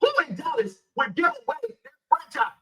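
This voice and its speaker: A male sports commentator rants angrily about basketball, heated, profane and emphatic. His very high voice swoops wildly in pitch at a normal speed, sounding pushed and bright on a rough recording.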